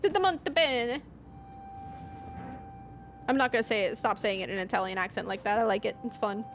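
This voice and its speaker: A woman streaming a game, chatting casually and excitably with frequent swearing. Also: medium pitch, rapid-fire, slight background noise. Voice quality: excitable and profane.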